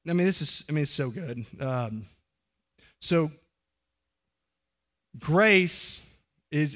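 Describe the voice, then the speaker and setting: A middle-aged man preaching a sermon as pastor, earnest and conversational, often putting questions to the congregation. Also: a little high.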